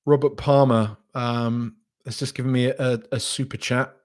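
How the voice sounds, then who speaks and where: Male podcast host, mid-pitched, casual live-stream chatter, hesitant with frequent restarts. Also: fairly even intonation, normal speed. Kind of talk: live reaction stream, reading chat.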